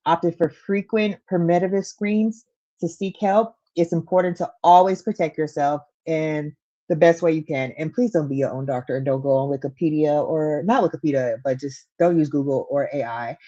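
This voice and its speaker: A woman co-hosting a casual livestream, reading out facts and phone numbers slowly and greeting the chat. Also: sits low, dark tone. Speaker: podcast co-host. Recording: dull lo-fi stream audio.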